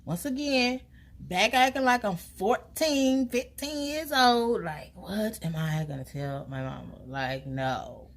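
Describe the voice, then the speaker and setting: Lively young woman telling a storytime. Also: takes it slowly. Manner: animated, acts out quotes with big pitch jumps. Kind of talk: casual storytime vlog.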